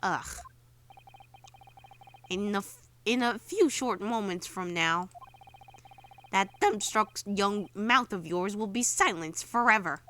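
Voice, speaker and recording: A woman's voice: mid-range voice, animated, slow pace, pauses often, bright, forceful tone, slight background noise. Woman reading a smug menacing prosecutor. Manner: smooth, threatening courtroom talk.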